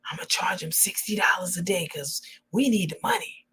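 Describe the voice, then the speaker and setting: A woman's voice: lowish voice, normal speed, sharp tone, a little hiss or hum, rough recording. A woman voicing a greedy, scheming grown woman who mutters crude plans, at times half-whispered.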